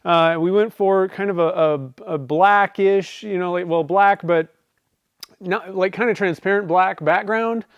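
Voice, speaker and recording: A man's voice: sits high, steady tone, measured pace, smooth, dry recording, highs cut off. A man hosting a live stream from his workshop, chatting casually, rambling with lots of fillers and restarts. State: clearing a dry throat. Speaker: pen-turning livestream host. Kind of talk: casual livestream chat.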